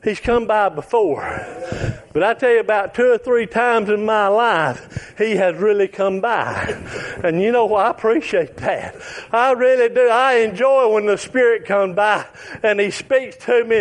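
Man preaching, very high voice, fervent delivery with shouted peaks. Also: measured pace. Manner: fervent, rising to shouts then dropping soft. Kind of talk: sermon.

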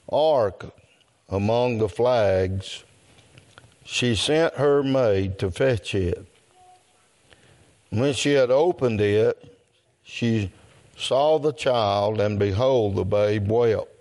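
A man, leading an evening service and slowly reading scripture aloud with long pauses. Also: medium pitch, a little mellow. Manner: slow, deliberate reading with long pauses, throat clearing. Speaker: preacher.

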